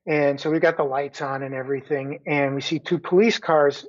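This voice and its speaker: A middle-aged man, a guest, telling a long story in a relaxed chat with frequent restarts. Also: fairly high pitch, normal speed. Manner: chatty, many restarts and laughing asides. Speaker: guest runner. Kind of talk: casual storytelling. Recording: dull lo-fi sound.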